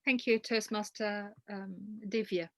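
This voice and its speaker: A woman's voice: medium pitch, steady tone, measured pace, fairly bright tone, a little hiss or hum, poor audio. Polite woman chairing an online meeting. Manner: polite, orderly, with filler sounds. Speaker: meeting host. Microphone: video call.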